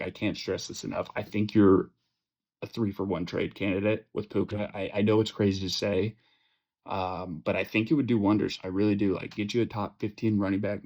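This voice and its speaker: Young male podcast host, low-pitched, rambling and profane, dull lo-fi audio. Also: a little mellow. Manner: profane, joking, rambling with many fillers and restarts. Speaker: fantasy football podcast host. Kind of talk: casual ranting chat.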